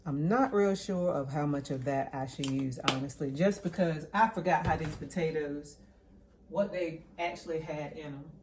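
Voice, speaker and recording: Low-voiced woman cooking and chatting. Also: normal speed, darkish tone. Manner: chatty, thinks aloud, drops to a mutter while working. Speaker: home cook vlogger. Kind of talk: casual cooking vlog chat. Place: home kitchen. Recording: noisy kitchen with clattering dishes. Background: clinking dishes and cutlery.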